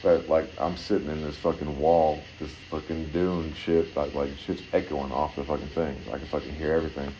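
A man's voice: little pitch movement, brisk, hardly any pauses, mellow, slight background noise, low-quality recording. A man telling a long, rambling story in casual, profane chat. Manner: rambling, heavy swearing, acts out voices in high pitch.

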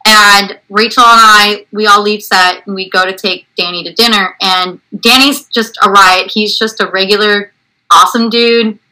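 A woman guest telling lively anecdotes in casual conversation, acting out quoted voices. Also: mid-range voice, normal speed, rough recording. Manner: animated storyteller, acts out quotes.

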